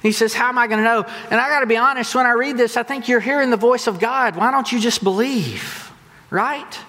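A pastor preaches a sermon in an extremely high-pitched, brisk voice, telling stories animatedly and acting out quotes. A long hall reverb surrounds the recording.

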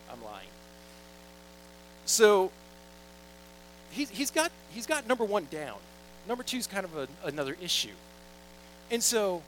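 A man's voice: fairly high pitch, fairly bright tone, slight background noise, rough recording. A young man preaching a sermon in a casual, joking, storytelling way, reading scripture and acting out little quoted asides. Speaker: pastor.

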